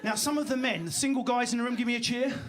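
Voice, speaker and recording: An English man performing a fast, animated stand-up comedy routine on a club stage, slipping into put-on voices. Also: very high-pitched, a crowd in the background. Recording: live club recording with audible audience. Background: audience laughter.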